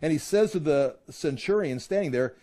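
A man teaching from the Bible, reading verses aloud and then explaining them casually, voicing the crowd in loud bursts. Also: on the high side, lively intonation, normal speed.

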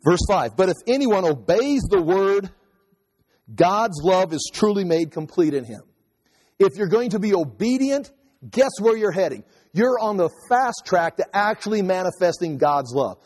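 A man with a high-pitched voice delivers a sermon, walking through scripture in a loose, conversational way with quick asides. His voice rings with a long reverb, as if in a large hall. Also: big pitch swings, a little mellow. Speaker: pastor.

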